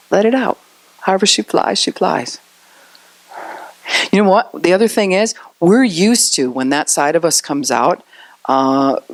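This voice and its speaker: Lively, low-pitched woman pastor preaching. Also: dry recording. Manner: conversational preaching, acting out quoted voices. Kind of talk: sermon.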